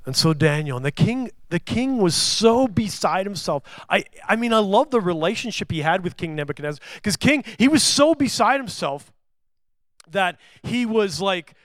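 A man preaching a sermon to a congregation, swinging between loud emphatic lines and hushed, slow ones, and putting questions to his listeners. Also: sits high, animated, dry recording, studio quality. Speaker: pastor. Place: church service before a congregation.

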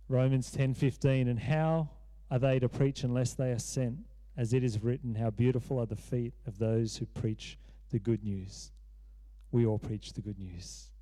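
A man's voice: mid-range voice, mellow. A man in his thirties preaching a sermon as pastor, earnest and repeating phrases for emphasis.

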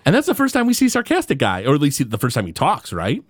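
Man, podcast co-host, lively storyteller, jumpy pitch, dry close sound. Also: fast, no echo. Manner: animated storyteller who acts out quotes. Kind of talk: casual episode recap chat.

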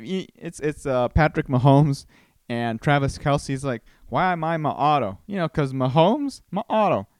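A man's voice: on the high side, no echo, studio quality. A man from Costa Rica hosting a casual solo podcast, telling rambling stories with many restarts. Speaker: podcast host.

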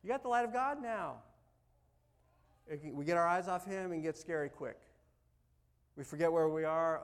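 A man preaching a sermon as pastor, animated, swinging from loud urging to soft, quiet asides. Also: fairly high pitch, normal speed, pauses often, clean tone.

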